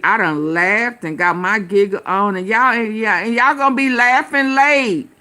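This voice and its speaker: A woman hosting a casual reaction stream, talking slowly with many fillers and talking back to the clips she plays. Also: medium pitch, bright, forceful tone. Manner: slow drawl full of fillers, talks back to clips.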